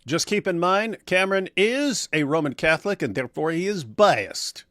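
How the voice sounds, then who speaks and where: A man's voice: sits high, expressive, normal speed, a bit bright, no echo. Teasing man hosting a stream, dry sound. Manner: teasing, joking. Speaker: host. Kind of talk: casual chat with joking banter.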